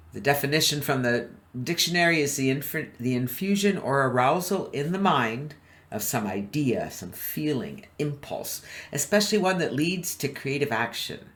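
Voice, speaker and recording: Upbeat male webinar presenter, mid-pitched, chuckles and quizzes listeners. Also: expressive, a little slow, fairly bright tone. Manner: upbeat, often asks the audience questions; chuckles between points. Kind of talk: motivational webinar talk.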